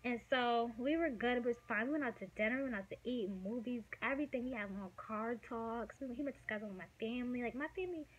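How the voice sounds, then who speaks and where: A woman of about twenty telling a personal story in a casual, emotional way, dropping to a hush and then getting loud, with lots of fillers. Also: a little high, quick pace, hardly any pauses, husky, muffled recording. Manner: emotional, swings from hushed to loud, many fillers. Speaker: vlogger.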